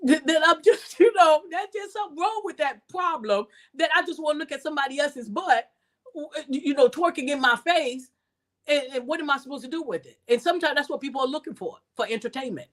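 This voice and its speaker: Woman speaker, fairly high voice, animated and preachy, restarts words often. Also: fairly quick. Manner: animated, repeats words, pitch jumps high when exasperated; preacher-like cadence, scripture references. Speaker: speaker and teacher. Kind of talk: reflective talk to an audience.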